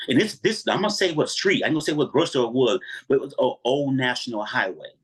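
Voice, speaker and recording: Husky, animated male storyteller. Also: medium pitch, fast talker. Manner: animated, acts out every voice in his story. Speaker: guest. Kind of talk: casual storytelling interview.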